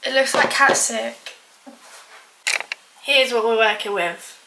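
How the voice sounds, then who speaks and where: A young woman with a high, light voice rambles through a home baking vlog, poking fun at herself and filling every pause with "like". The kitchen sounds echoey, and dishes and pans clatter in the background. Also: noisy background. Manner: rambling, self-mocking, full of filler "like". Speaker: baking vlogger. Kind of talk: casual chatty vlog.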